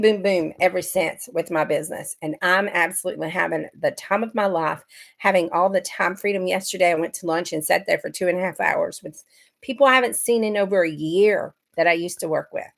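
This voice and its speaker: A woman's voice: on the low side, gravelly. A middle-aged woman from Georgia, chatting casually on a livestream and greeting viewers by name. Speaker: livestream host.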